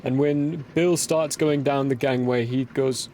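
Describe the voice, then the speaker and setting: A man's voice: medium pitch, fairly even intonation, unhurried, hardly any pauses, a little mellow. A man narrating a tabletop game as game master, describing scenes while searching for words.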